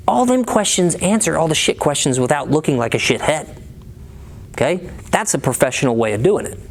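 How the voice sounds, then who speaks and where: A man's voice: on the high side, lively intonation, fairly quick, creaky. A man coaching car salespeople in a blunt, profane, casual way, acting out both sides of sales talk.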